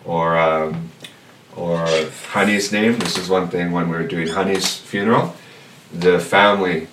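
This language teacher has a very low voice and a steady tone as he guides a lesson, slowly and patiently repeating words so students can follow along. He's picked up from afar in an echoing room with a light hiss.

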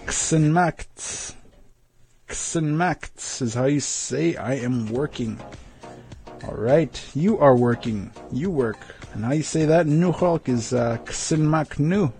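A man teaching vocabulary in a casual lesson, repeating each word slowly and joking lightly. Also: medium pitch, mellow, faint music behind. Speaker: language teacher.

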